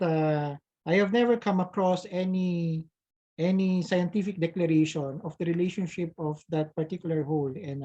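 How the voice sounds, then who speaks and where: A man's voice: a little high, mellow, lo-fi sound. A Filipino man, an engineer and invited expert, answering questions in a webinar, hesitant with many fillers and a habitual questioning "no?". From Philippines. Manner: hesitant, frequent "uh" and tag "no?". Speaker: resource speaker, engineer. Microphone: video call.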